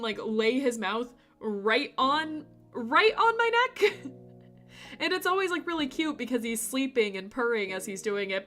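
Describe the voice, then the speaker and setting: A woman's voice: fairly high pitch, sharp tone. A woman streamer chatting casually with her live chat, playful and rambling, laughing often between remarks.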